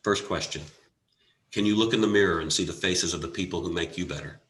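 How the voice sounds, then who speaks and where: A man giving a motivational talk, telling a personal story earnestly with dramatic pauses and rising emphasis. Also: deep voice, a bit bright. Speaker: motivational speaker. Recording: echoey room.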